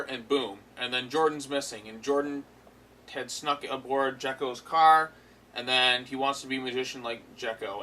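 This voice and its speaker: Bright-voiced man rambling casually. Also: medium pitch, slight background noise, low-quality recording. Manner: rambling, filler-heavy, amused. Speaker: episode reviewer. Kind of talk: casual spoken review.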